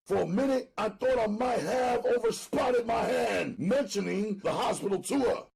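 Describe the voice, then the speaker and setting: A man narrating an audiobook dramatically, loud and emphatic, often near shouting. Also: sits high, moderate pace, gravelly, breathy edge.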